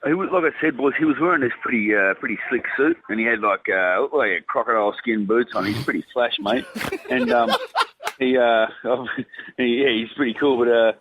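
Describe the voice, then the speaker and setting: Australian man, radio guest, mid pitch, rambling, excited storytelling. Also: fairly quick, lo-fi sound, slight background noise. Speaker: guest speaker. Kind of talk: radio interview anecdote.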